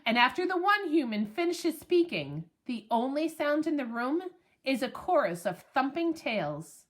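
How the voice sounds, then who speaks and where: A woman narrating a children's storybook in an expressive, playful way. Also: high voice, unhurried. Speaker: audiobook narrator.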